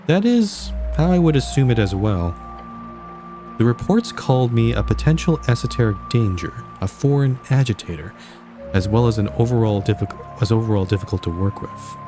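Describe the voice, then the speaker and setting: A man voicing a formal, stiff female angel guardian in measured, flat tones, reading game dialogue aloud. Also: medium pitch, over music, natural voice. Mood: formal, detached.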